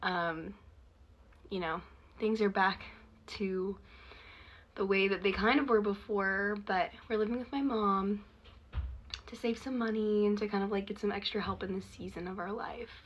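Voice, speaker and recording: A woman's voice: mid-range voice, fairly even intonation, normal speed, long pauses, dull audio, a little hiss or hum. A young woman casually telling a personal story, chatty and laughing often.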